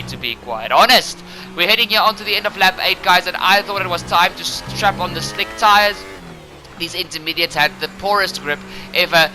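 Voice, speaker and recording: A man commentating his own racing game playthrough in an excitable way, often speaking to his viewers directly. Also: high-pitched, slight background noise. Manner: excitable, talks to viewers as "guys". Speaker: gaming channel host.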